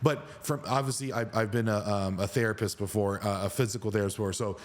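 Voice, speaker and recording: A man's voice: on the low side, fairly even intonation, fast talker. A man hosting a podcast who talks in an earnest, enthusiastic way during casual conversation.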